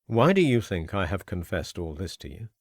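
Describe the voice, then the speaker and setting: Male reader doing the audiobook villain: deep, sneering, menacing gentleman, dry studio sound. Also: sing-song, normal speed, no room sound, exaggerated voice. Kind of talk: audiobook character voice.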